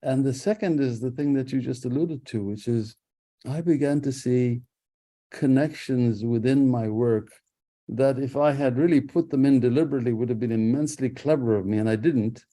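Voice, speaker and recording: A man speaking as an author guest on a radio interview, thoughtful and unhurried, with restarts and soft laughs. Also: mid-range voice. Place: radio studio.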